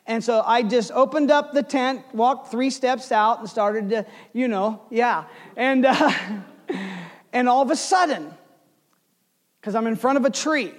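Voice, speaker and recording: High-voiced preacher man in a big echoing hall. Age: 40s. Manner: storytelling with lively swings between loud and hushed. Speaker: pastor. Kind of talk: sermon.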